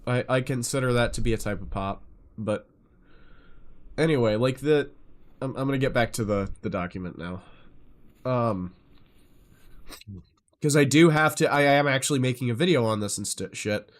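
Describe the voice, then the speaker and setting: A man of ordinary pitch talking to his live-stream chat in a loose, rambling way. He gets excited and swears freely, hopping from one tangent to the next. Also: moderate pace, pauses often.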